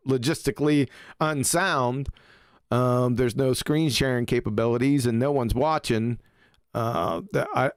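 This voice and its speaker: Male podcast host, mid pitch, dry close mic, relaxed and laughing. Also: no room sound. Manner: laid-back, laughs often. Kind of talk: casual chat.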